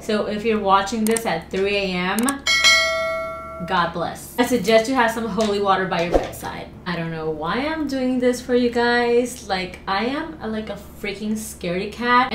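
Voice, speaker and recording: A woman hosting a reaction video from home, talking casually, jumpy and excitable, swearing often. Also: mid-range voice, moderate pace, reverberant, background noise.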